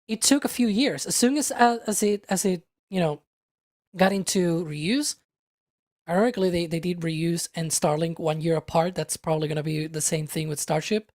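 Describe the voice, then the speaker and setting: A man's voice: a little high, normal speed, darkish tone, no room sound, clean studio sound. A man on a casual podcast panel who reasons things through in a hedging, analytical way and keeps checking in with the others. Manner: analytical, hedging, ends points with "right?".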